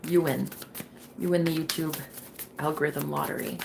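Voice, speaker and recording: A woman doing a gushing, slangy voice for excited female office workers she imagines choosing a winner. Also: low voice, normal speed, vocal fry, noisy background, voice pushed down. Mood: giddy.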